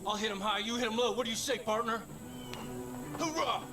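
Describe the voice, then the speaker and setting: An actor playing a desperate rural family man and pilot in a video game, excitable and swearing. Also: sits high, brisk, over music, lightly acted. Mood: urgent.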